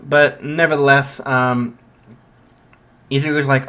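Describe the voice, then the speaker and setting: A man's voice: medium pitch, steady tone, measured pace, a bit bright. A young man casually retelling a fan story, rambling with many fillers and restarts.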